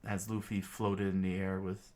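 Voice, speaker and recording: Deep-voiced man reading a comic aloud. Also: level tone, normal speed, darkish tone, slight background noise. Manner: loose, with fillers and restarts. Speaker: reader.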